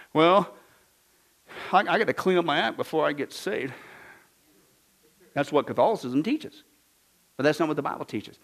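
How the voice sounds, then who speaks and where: A man preaching a sermon with emphatic swings between loud declarations and quiet asides, often throwing rhetorical questions to the congregation. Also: a little high. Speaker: pastor.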